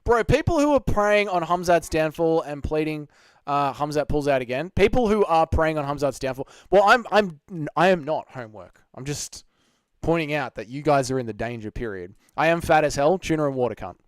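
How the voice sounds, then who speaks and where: A man's voice: fairly high pitch, lively intonation, moderate pace, clear, resonant tone, no echo, studio quality. Sarcastic, foul-mouthed Australian man. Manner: sarcastic, profane and blunt. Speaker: live stream host reading chat. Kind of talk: casual live stream chat.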